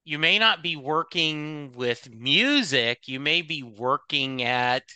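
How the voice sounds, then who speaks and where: A man's voice: on the high side, slow pace, smooth, no room sound. A man co-hosting a podcast, chatting casually and reading song lyrics aloud. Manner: relaxed, reads lyrics aloud and acts out anecdotes. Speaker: podcast co-host.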